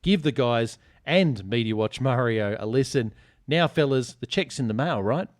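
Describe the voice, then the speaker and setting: A man's voice: medium pitch, lively intonation, normal speed, no echo, studio quality. An Australian man hosting a sports podcast, reading listener reviews aloud and teasing his co-hosts in casual banter. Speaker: podcast host.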